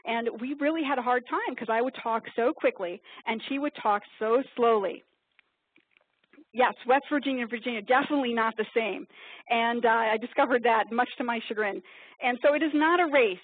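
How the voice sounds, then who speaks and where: A woman from upstate New York presenting a webinar, talking quickly in a chatty, self-deprecating way. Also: fairly high pitch, husky, no room sound. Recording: tinny phone-like webinar audio.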